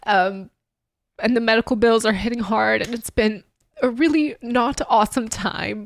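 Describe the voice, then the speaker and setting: A woman giving heartfelt reaction commentary on a song, tearful and emotional, halting with small laughs and sighs. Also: a little high, vocal fry, no echo, studio quality. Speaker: music reaction YouTuber.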